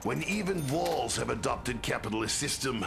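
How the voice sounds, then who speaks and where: A gravelly Russian soldier. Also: male voice, medium pitch, lively intonation, moderate pace. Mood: grim. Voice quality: gravelly, heavy accent. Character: gruff Russian soldier, grim, dryly sardonic. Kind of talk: video game character dialogue. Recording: game audio under loud music. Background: loud game music.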